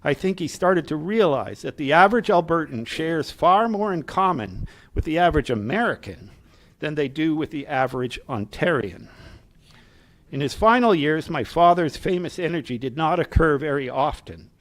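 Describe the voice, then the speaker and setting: A man's voice: a little high, lively intonation, moderate pace. A middle-aged man giving a prepared speech to a live audience, earnest, with asides and light humor to the room. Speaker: speaker at a political gathering.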